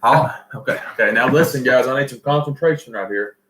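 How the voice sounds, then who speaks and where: A man's voice: medium pitch, brisk, roomy sound, noisy background. A man with a Southern US accent hosting a casual livestream, folksy and rambling as he reads viewer comments. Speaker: livestream host.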